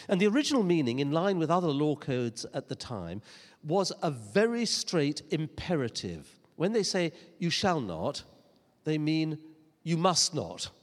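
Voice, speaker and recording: A man's voice: on the high side, in a large hall. A man preaching a sermon, earnest and emphatic, with rhetorical questions and touches of dry humor.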